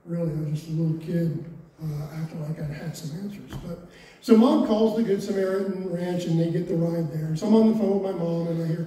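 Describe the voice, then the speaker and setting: A man's voice: high-pitched, fairly even intonation, fast talker, dark tone, far from the mic. A man in his forties giving his personal testimony to a congregation, candid and wry, with self-mocking asides. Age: 40s. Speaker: testimony speaker. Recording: roomy echo, voice from off-mic, faint hiss.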